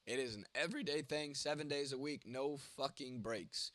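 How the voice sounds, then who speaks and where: A man's voice: mid-range voice, expressive, moderate pace, few pauses, a bit bright, dry recording. Man, late twenties, stuffy nose, fading voice, blunt, swears a lot, late-night stream chat, dry sound. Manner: blunt and heavily profane. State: congested, losing his voice. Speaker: content creator. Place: home at night.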